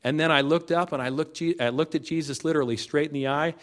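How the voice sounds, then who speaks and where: A man's voice: on the high side, fairly even intonation, fast, hardly any pauses. A man giving an earnest, emotional personal testimony at a church service, then introducing the next speakers.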